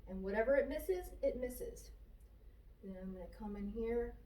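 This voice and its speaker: A woman's voice: on the high side, normal speed. Woman painting furniture, echoey and distant. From Florida, USA. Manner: relaxed, talks through each brush stroke, repeats phrases. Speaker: furniture painter demonstrating technique. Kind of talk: casual how-to narration while working. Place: shop workspace.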